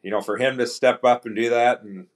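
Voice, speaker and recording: Speaking a little quickly in a mid-range voice, this man, a pro hockey player featured on a podcast, relates an anecdote in a loose, relaxed manner. He dramatizes teammates' quotes and frequently stops to restart, using lots of fillers.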